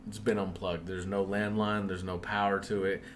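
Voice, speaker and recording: A man's voice: low-pitched, flat delivery, normal speed, a little hiss or hum. A young man casually telling a spooky story on a podcast, swearing often and breaking into laughs.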